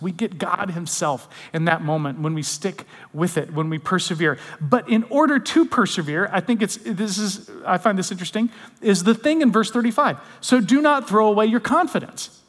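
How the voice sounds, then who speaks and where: A man with a high voice delivers a conversational sermon as a pastor. He often drops to soft, intimate tones. His voice rings with a long hall reverb.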